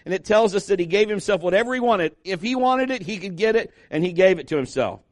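Man preaching a lively, chatty sermon. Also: sits high, fast, no room sound, studio quality. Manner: conversational preaching, lively asides to the congregation. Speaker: pastor.

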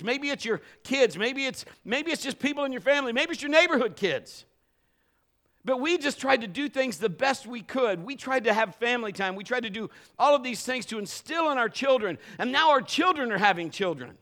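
A man's voice: extremely high pitch, pushed and bright. A middle-aged man preaching a live sermon in a church, emphatic and building to fervent exhortation. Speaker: pastor. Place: church service.

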